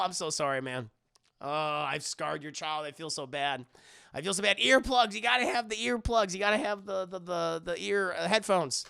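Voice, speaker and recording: A man's voice: fairly high pitch, gravelly, smooth, no echo, clean studio sound. A man with a daughter, live-streaming, reading chat aloud and joking around in casual talk. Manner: joking, animated, quick impressions.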